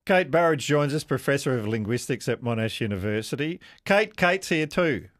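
A man hosting live talkback radio in a relaxed studio, inviting calls and gently teasing. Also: mid-range voice, moderate pace, faint music behind. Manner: easygoing, inviting callers, light teasing. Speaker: radio host.

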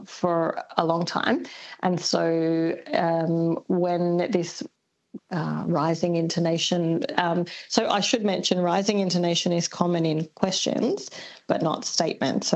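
Husky Australian woman, gravelly and thoughtful. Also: fairly low pitch, darkish tone, low-quality recording. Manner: thoughtful, hesitant with many ums. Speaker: linguist guest. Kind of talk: radio interview.

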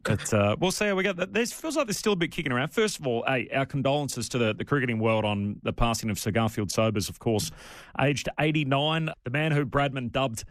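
An Australian man co-hosting a podcast in a relaxed, chatty, self-deprecating way. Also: mid-range voice, fairly quick, dry recording. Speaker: podcast co-host. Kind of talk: casual chat.

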